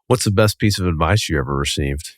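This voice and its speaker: A man's voice: extremely low pitch, fast, dry recording, clean studio sound. A man hosting an interview, mostly giving brief affirmations and asking short questions. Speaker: host.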